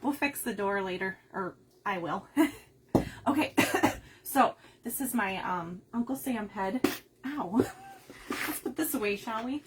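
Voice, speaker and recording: A woman from the Upper Midwest talks casually as she crafts on a livestream, reading out viewer comments and laughing often. Her mid-range voice is animated but slow, and the recording is very noisy.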